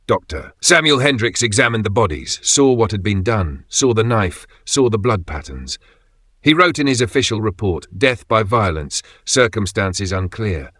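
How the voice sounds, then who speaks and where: A man narrating a scripted dark horror story in a steady, grave tone. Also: lowish voice, normal speed, dry recording.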